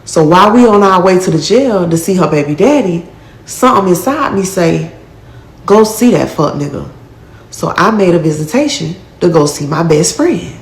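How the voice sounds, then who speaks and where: Woman storyteller, lowish voice, blunt and profane, echoey room. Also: lively intonation, normal speed. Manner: blunt, profane street talk with acted-out quotes. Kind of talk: casual first-person storytelling.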